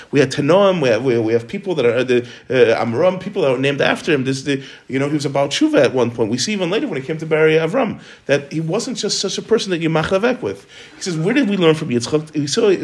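A man leads an informal Torah lesson at a brisk clip, his voice pitched slightly above the usual male range. He restarts sentences often and weaves Hebrew and Yiddish terms into his English explanations. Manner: rapid, repeats and restarts words, sprinkles Hebrew and Yiddish terms. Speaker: Torah teacher.

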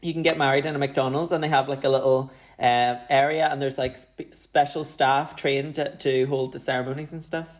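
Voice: mid-range voice, fairly even intonation, fairly quick, hardly any pauses. A guest on a podcast talking in a playful, bawdy way. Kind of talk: casual podcast chat.

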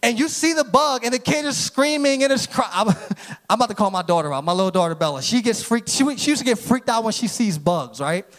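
A pastor in his thirties preaches with fervor, his voice sitting unusually high for a man. He calls out to the congregation and climbs into shouts at his peaks. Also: a little fast. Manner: energetic preaching, rising to shouts. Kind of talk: sermon.

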